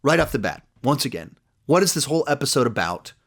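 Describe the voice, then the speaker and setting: A man's voice: mid-range voice, sing-song, fast talker. A man giving a casual spoken review of a TV episode, rambling through the plot with lots of "like" and "you know" and acting out the characters' lines. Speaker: TV series reviewer.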